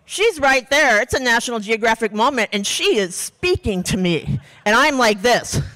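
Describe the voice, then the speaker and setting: A woman telling a true story live on stage, her bright voice swinging widely up and down as she acts out each moment. Comic and animated, she drops casual swears into the telling. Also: fairly high pitch, normal speed. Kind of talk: live personal storytelling without notes.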